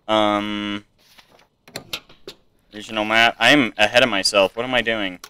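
A man's voice: lowish voice, fairly even intonation, measured pace, long pauses, bright, forceful tone, clear, resonant tone. A young man casually commenting on a video game playthrough, reading on-screen text aloud with chatty, joking asides. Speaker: gamer playing through a game.

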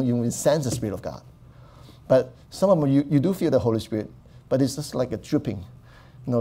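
Preaching man with a mellow voice. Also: medium pitch. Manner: swings from quiet talk to loud proclaiming; conversational, asks the congregation "right?". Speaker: pastor. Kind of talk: sermon.

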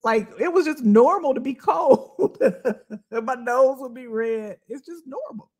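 A woman's voice: high-pitched, lively intonation, measured pace, a little mellow. A woman career coach chatting casually with viewers on a livestream, laughing often and calling them y'all.

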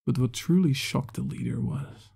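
A man narrates a fantasy short story in a steady, measured way. His voice is gravelly and mellow, with a husky edge. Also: mid-range voice. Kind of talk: scripted narration.

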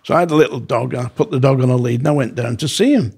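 A man with a gravelly, husky voice recounts his time as a prison officer on a podcast. He tells it casually, at a middle pitch, and lively acts out what each person said. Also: fast. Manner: animated, acts out quoted dialogue. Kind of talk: casual storytelling.

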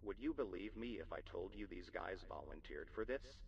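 A deep, gravelly game-master figure, voiced by a man, needles the players with dry, mocking sarcasm. The voice sounds distant and muffled, like in-game audio picked up from a speaker. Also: expressive, normal speed, a little hiss or hum.

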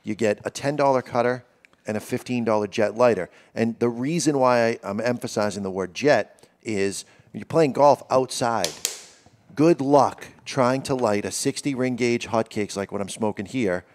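A man's voice: mid-range voice, moderate pace, darkish tone. A man who hosts a cigar podcast, explaining gear in a casual, salesy way.

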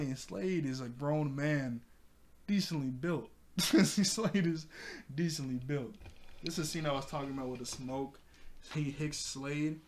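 Excitable man recapping a cartoon. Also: fairly high pitch, a little hiss or hum. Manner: excitable, laughs often, exclaims loudly. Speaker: cartoon episode reviewer. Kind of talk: casual recap commentary.

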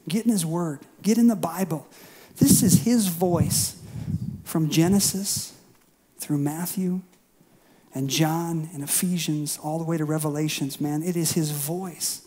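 A male pastor giving a sermon in a conversational, folksy way, at times acting out quick voices to make a point. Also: on the high side, dark tone. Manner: bursts into acted voices for emphasis.

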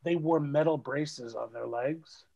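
A middle-aged actor chatting as a guest over a video call, telling animated stories and laughing often. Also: male voice, fairly high pitch, a little slow, creaky, dull audio. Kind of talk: casual video call interview.

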